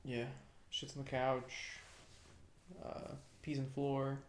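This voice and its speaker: A young man co-hosting a casual chat, crude and joking, with a gravelly voice. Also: mid-range voice, completely flat delivery, slow, echoey room, slight background noise. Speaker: podcast co-host.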